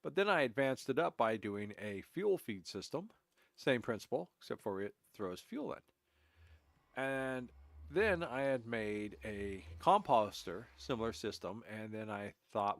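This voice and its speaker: A man's voice: on the low side, animated, measured pace, dry recording. A man streaming a game, congested and stuffy-voiced from allergies, giving a rambling, self-correcting walkthrough of his builds. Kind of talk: casual gameplay commentary.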